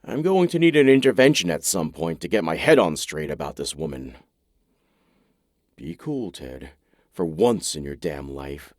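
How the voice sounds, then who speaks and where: A man's voice: sing-song, moderate pace, darkish tone, dry recording, studio quality. A man narrating a romance audiobook in the first person, wry and intimate in manner. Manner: wry, intimate, low-key.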